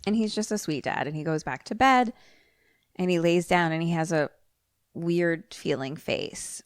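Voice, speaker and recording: Woman, young adult, low pitch, dry sound, casual animated plot recap, podcast co-host. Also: normal speed, no echo. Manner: animated storytelling, acts out quoted lines. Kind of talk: casual chat retelling a film plot.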